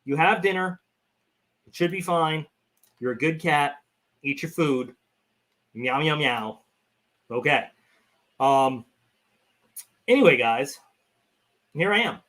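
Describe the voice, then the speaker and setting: A man's voice: on the high side, lively intonation, slow pace, pauses often, a bit bright. Chatty man hosting a live stream. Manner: chatty, rambling, talks to his cat. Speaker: channel host. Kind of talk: casual live-stream chat.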